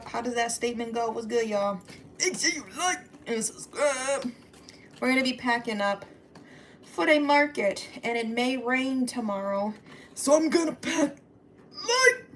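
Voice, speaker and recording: A woman's voice: a little high, measured pace, slight background noise. A woman chatting casually in a home vlog, playful and slangy, talking from her kitchen. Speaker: vlogger and mom.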